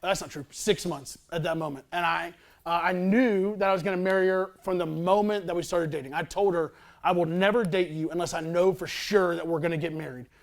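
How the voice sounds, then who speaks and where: A man's voice: high voice, fairly even intonation, fairly quick. A man in his thirties, a pastor telling a personal story in a sermon, talking in a casual, chatty, self-deprecating way.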